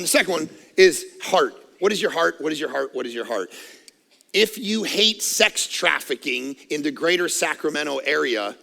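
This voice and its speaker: A middle-aged pastor preaching in a long, echoing hall. His voice sits high and rough with heavy grit, and it cuts bright and forceful as he preaches at full energy and jokes at his own expense. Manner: energetic, loud preaching with self-mocking humor. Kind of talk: sermon. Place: church auditorium. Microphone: headset microphone.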